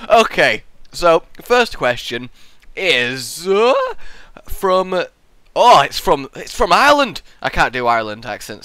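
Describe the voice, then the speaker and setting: A young man hosting a viewer question show in casual chat, rambling and goofy with sudden loud outbursts, sleep-deprived and muddled. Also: on the high side, very animated, normal speed, clean tone, dry recording. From England. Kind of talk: casual audio-only chat. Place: hot room at home.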